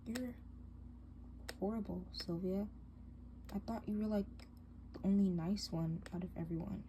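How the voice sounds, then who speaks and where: A woman's voice: mid-range voice, unhurried, mellow, natural voice. A woman voicing a hurt, hesitant teen girl in a doll drama who stammers and defends herself, faint hiss behind.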